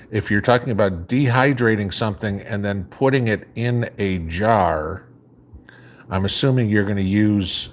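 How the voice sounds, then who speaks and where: A man with a faint Chicago accent, reading viewer comments aloud on a live stream and answering them in a relaxed, rambling way. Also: lowish voice. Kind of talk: casual live chat.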